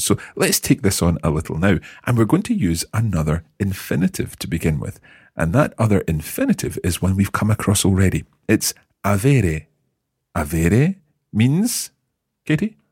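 Deep, husky male language teacher. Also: wildly swooping pitch, moderate pace, darkish tone, no echo, studio quality. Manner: encouraging, patient questioning. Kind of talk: guiding a language lesson.

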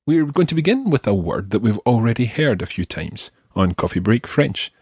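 A Scottish man teaching a language lesson, slowly modelling French words for a learner to repeat. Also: medium pitch, big pitch swings, darkish tone, breathy edge, dry recording, soft background music. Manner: slow, careful modelling of French words for repetition.

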